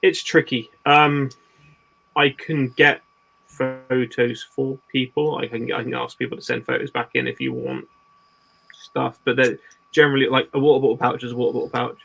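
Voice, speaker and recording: A man's voice: mid-range voice, flat delivery, moderate pace, gravelly, a bit bright, husky, rough recording. A man being interviewed on a podcast, explaining his custom kit work in a practical, rambling way with restarts. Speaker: guest gear maker.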